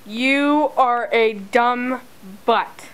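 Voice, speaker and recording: A woman's voice: a little high, extremely slow, a bit bright, clear, resonant tone, poor audio. A woman filming her dog at home, talking to it in exaggerated sing-song baby talk.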